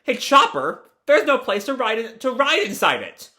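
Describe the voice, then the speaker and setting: A man's voice: a little high, wildly swooping pitch, moderate pace, bright, forceful tone, heavily acted. A man voicing a reckless, cheerful young male pirate while reading a comic aloud. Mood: playful.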